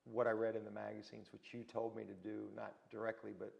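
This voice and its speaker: A man's voice: lowish voice, fairly quick, vocal fry, muffled recording. A man telling stories in a casual interview, acting out the people he quotes. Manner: animated anecdote teller, acts out quotes. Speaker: interview guest. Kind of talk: casual storytelling.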